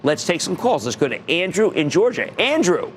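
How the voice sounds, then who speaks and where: A man's voice: on the high side, sing-song, moderate pace, slight background noise. A middle-aged man hosting a stock market show, giving emphatic investing advice and repeating words for punch. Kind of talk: energetic investing advice monologue.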